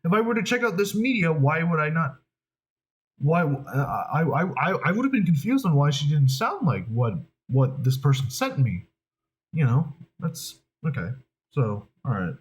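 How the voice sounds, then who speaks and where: A voice actor talks casually to the camera, thinking aloud and often restarting sentences. Their pitch rises and falls a lot, which keeps the delivery animated. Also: moderate pace, rough recording. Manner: rambling, hesitant, with many restarts.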